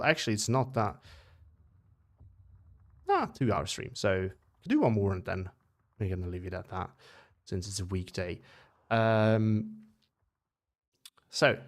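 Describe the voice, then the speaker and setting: Swiss guy streaming games, kinda low gravelly voice, mixed brit-american accent, rambles and corrects himself a lot. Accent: Swiss, mixed British-American English. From Switzerland. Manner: rambling, self-correcting, chatting to viewers. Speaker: game streamer. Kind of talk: casual live-stream chat.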